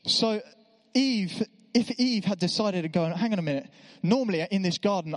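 A man's voice: high voice, moderate pace. A man preaching a sermon in a church, conversational with self-deprecating asides. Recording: echoey church hall.

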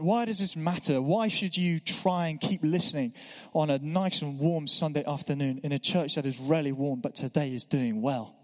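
Man preaching in an echoey church. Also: fairly high pitch. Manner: conversational, self-deprecating asides. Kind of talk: sermon.

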